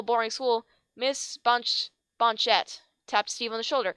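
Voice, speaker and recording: A woman's voice: on the high side, normal speed, sharp tone, smooth, dry recording, studio quality. A woman giving a comic reading of fan fiction, with sarcastic, mock-exasperated asides and tripped words. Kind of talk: comedic dramatic reading with asides.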